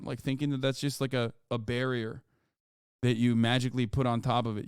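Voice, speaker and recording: A man's voice: mid-range voice, fairly even intonation, fairly quick, clean tone, no room sound, clean studio sound. A man streaming live, reading news aloud and reacting with profane, exasperated rants.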